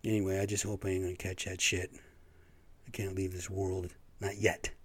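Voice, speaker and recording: A man's voice: low voice, moderate pace, breathy edge. A man hosting a podcast, ranting in a rambling, profane monologue with a stuffy nose. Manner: profane, rambling, animated storytelling. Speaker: podcast host. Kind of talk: casual monologue rant.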